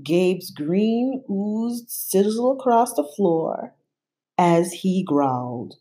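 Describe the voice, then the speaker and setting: Animated woman reading a picture book. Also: mid-range voice, extremely slow. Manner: animated, playful. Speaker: storybook reader.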